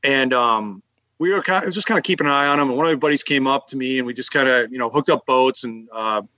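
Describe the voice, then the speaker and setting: A man with a mid-range voice talks at a quick pace as a guest on a casual podcast, animated and laughing a lot while telling fishing stories. The audio is dull, with no room sound.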